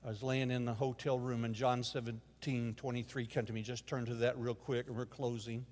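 A man preaching a sermon as a guest speaker in a church, telling a personal story with emotional swings from hushed to loud. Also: mid-range voice, level tone, fairly quick. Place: church sanctuary. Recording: long hall reverb.

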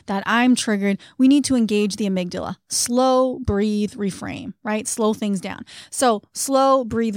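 A woman co-hosting a podcast, explaining coping steps in an earnest, conversational way and slowing down on key phrases. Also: on the high side, no room sound, studio quality. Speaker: podcast co-host.

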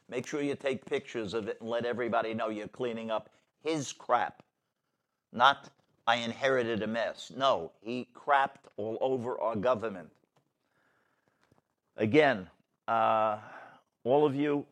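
A man hosting a casual political talk show, rambling and blunt in a folksy way. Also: mid-range voice. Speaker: show host.

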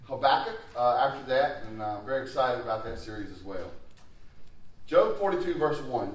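A man, a pastor preaching a sermon in a conversational way, his pace and loudness rising and falling. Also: medium pitch, expressive, moderate pace. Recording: echoey room, mic at a distance.

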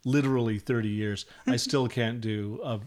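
A male podcast co-host chatting casually with his partner. He jokes easily and talks in quick bursts, breaking off mid-phrase and starting over. His voice sits in an ordinary middle pitch for a man. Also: steady tone, darkish tone. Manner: joking, talks in quick self-interrupting bursts.

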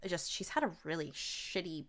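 A woman co-hosting a podcast, talking in a relaxed, chatty way about a TV show and often laughing along. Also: on the low side, normal speed. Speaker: podcast co-host. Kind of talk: casual TV recap chat.

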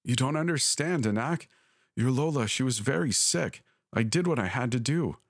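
A man voicing a frantic middle-aged mother who pleads in breathless, urgent shouts. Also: mid-range voice, animated, normal speed, breathy edge, dry recording, studio quality, pitched above the performer's own voice. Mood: desperate.

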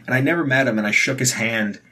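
A young man talking loosely on a podcast, his pitch sitting in an ordinary middle range. He curses often and trips over his words, restarting sentences as he rambles through anecdotes. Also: quick pace, sharp tone. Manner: rambling, profane, stammers and restarts. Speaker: podcast co-host. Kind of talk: casual chat.

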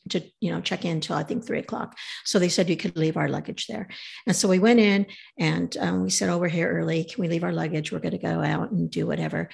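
A woman telling a travel story in a casual, animated way, acting out the voices of the people in it. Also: lowish voice, creaky, slightly rough.

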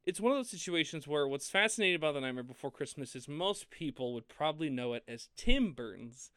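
A man co-hosting a film podcast in casual chat, animated and laughing often as he talks. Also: fairly high pitch, fast, clean tone, no echo. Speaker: podcast co-host.

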